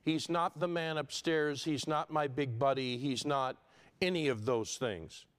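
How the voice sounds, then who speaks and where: A man preaching an expository sermon, building to loud emphatic peaks and dropping low and quiet, with a repetitive listing cadence. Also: unhurried, clear, resonant tone.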